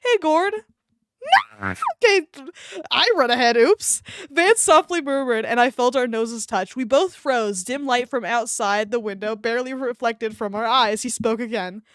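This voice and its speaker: A fairly high-voiced woman streamer reads fan fiction aloud into a desk mic, giggling and stopping to answer her chat. The sound is close and dry, with no room echo. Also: normal speed. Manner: giggly, breaks off reading to react to chat. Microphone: desk microphone.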